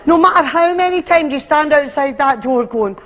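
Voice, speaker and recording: High-voiced Scottish woman doing stand-up. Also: moderate pace. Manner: animated, acting out voices in her routine. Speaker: stand-up comedian. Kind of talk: live stand-up comedy. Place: stage before a live audience. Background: audience laughter.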